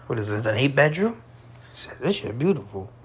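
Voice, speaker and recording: A young man talking crudely in a rambling casual monologue, full of fillers and slang, tipsy and high. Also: big pitch swings, moderate pace, slight background noise.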